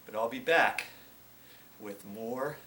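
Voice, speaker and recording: A man's slow, mid-range voice has a bright, forceful tone. He's a DIY video host on a ladder outdoors, giving a casual demonstration with plain, repetitive explanations and frequent "okay?" check-ins, recorded distantly with roomy, noisy sound.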